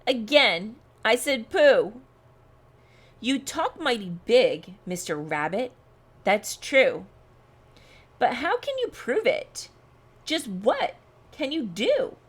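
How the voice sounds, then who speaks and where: A woman voicing a gruff, boastful male bear with a growling, scornful voice, reading a storybook aloud. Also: a little high, sing-song, takes it slowly, pauses often, exaggerated voice. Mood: gruff boasting. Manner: snorting, scornful.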